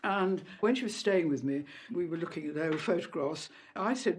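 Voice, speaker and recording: An older woman recalling old memories in an interview, chatty and anecdotal, with fillers and soft laughs. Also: on the low side, lively intonation, moderate pace, soft background music. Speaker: interviewee, former lady-in-waiting. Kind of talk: reminiscing in an interview.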